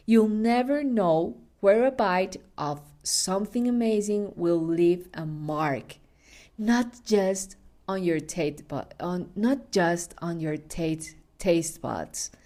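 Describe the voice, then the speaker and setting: A woman hosting a food podcast, telling stories in a chatty, unhurried way, sometimes laughing and correcting herself. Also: fairly low pitch, warm tone. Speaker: podcast host. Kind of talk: casual food podcast with storytelling.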